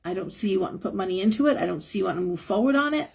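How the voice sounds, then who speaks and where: A hoarse woman giving a frank, advice-giving live tarot reading and chuckling now and then. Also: mid-range voice, expressive, racing. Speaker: tarot reader.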